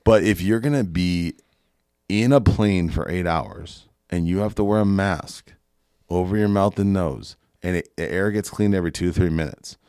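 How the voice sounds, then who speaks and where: A man's voice: low voice, darkish tone, no room sound, clean studio sound. A man hosting a podcast, ranting casually and emphatically with plenty of profanity. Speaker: podcast host. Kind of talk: casual opinionated podcast rant.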